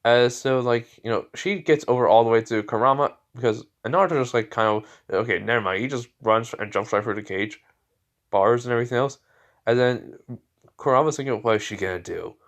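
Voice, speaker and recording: A man's voice: medium pitch, brisk. Rambling man telling a fan story. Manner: rambling, many fillers and restarts. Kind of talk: improvised fan story narration.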